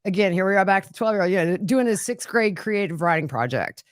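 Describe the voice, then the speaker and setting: A woman guest on a podcast, talking in a casual, animated way and laughing often. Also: mid-range voice, fast talker, no room sound, clean studio sound. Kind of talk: casual chat.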